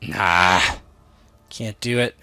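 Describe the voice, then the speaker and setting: Bright-voiced man running a tabletop game. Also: deep voice, extremely slow, creaky, no room sound, faint music behind. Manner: relaxed, rambling, corrects himself often. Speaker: game master.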